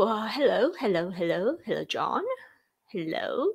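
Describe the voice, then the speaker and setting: A woman's voice: mid-range voice, lively intonation, takes it slowly, bright, forceful tone, breathy edge. A woman from Japan with a Japanese accent, hosting a casual livestream chat from a room at home, laughing often and filling with "like". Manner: chatty, giggly, filler-heavy, reads out comments. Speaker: livestream host.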